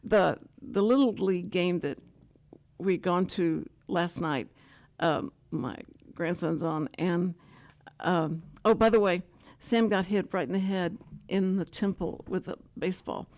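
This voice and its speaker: An older woman hosting a talk show, telling stories in a rambling, animated way full of asides. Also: on the low side, measured pace. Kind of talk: casual chat.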